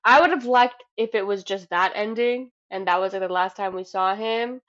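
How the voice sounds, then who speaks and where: A woman co-hosting a casual podcast, talking in an animated, swearing way and acting out her own reactions. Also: medium pitch, moderate pace. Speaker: podcast co-host. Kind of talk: casual chat. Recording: dull lo-fi sound.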